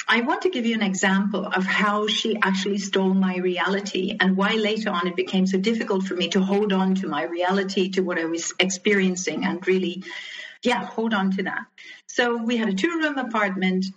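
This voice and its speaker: A woman in her fifties speaks in an earnest, reflective way, pausing on ums and restarting her sentences as she tells her own story. Her pitch sits in an ordinary middle range. The sound is dull and lo-fi, like a remote call. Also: fairly bright tone. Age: 50s. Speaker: interview guest. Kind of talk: personal storytelling in an interview.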